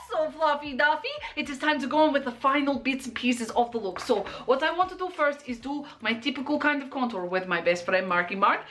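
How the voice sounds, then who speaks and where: A young woman talks through a makeup tutorial in a casual, playful way. Her voice sits high and she fills the chat with jokey asides. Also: fairly bright tone. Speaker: makeup vlogger.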